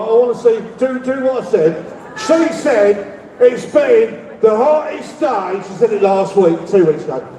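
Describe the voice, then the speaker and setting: A middle-aged man with a London accent giving a rambling rally speech as an activist, shouting demands and leading the crowd in call-and-response. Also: very high-pitched. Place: public rally. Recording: echoey, distant, with crowd noise. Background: faint crowd and ambient noise.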